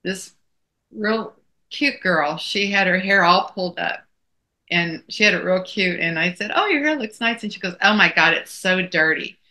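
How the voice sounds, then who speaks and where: A woman's voice: on the low side, normal speed, pushed and bright. A middle-aged woman co-hosting a casual chat, telling folksy stories. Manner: folksy storytelling. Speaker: co-host.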